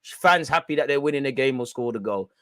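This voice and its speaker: A young man hosting a football watch-along, reacting loudly in slangy, shouty commentary. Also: medium pitch, fairly quick, no room sound. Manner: excitable, shouty and slangy, chanting and yelling at the referee.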